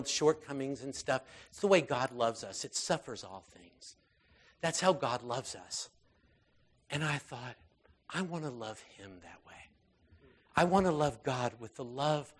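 This preacher's voice is medium-pitched as he delivers a loose, chatty sermon. He often restarts and fills gaps with fillers, moving back and forth between intense stretches and hushed, gentle ones.

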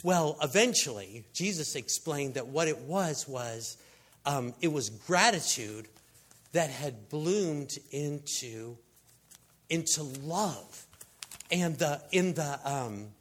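A man preaching a sermon, telling the story in an animated, conversational way and acting out the people in it. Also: on the high side, slow pace. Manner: animated, acts out quoted voices, conversational asides.

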